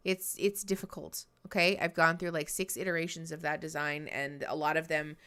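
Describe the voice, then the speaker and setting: Woman, therapist, live-stream chat, bright tone, slightly low voice, laughs a lot. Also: flat delivery, normal speed, smooth. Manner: chatty, self-deprecating, laughs often. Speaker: therapist streaming a reality-show reaction.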